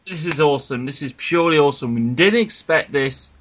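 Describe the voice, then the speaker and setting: A man's voice: on the high side, fairly quick, fairly bright tone. A man hosting a casual podcast, teasing his co-hosts and reading out listener questions in a joking way. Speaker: podcast host. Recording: muffled lo-fi audio.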